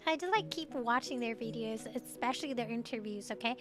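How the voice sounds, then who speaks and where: High-voiced chatty woman streamer. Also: brisk. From Taiwan. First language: Mandarin. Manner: rambling and chatty, full of "like" and giggles. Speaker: VTuber streamer. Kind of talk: casual late-night stream chat.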